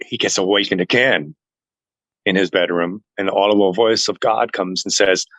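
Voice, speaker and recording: Earnest man with a low voice. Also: normal speed, no echo, rough recording. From family heritage is Norwegian. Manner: earnest, animated retelling that acts out other people's lines. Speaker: interview guest. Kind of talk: personal storytelling in a casual chat.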